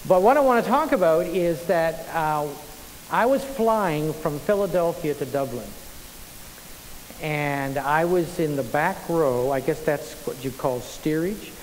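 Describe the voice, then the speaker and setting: Animated preacher, man. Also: a little high, a little slow. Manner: animated storyteller, frequent restarts. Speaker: pastor. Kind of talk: sermon with personal anecdote. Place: church sanctuary. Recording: long church reverb, faint hiss.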